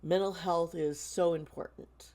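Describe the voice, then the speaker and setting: A woman hosting a tarot channel, speaking in a casual vlog style, earnest and halting, with many pauses and restarts. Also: fairly low pitch, fairly even intonation, darkish tone.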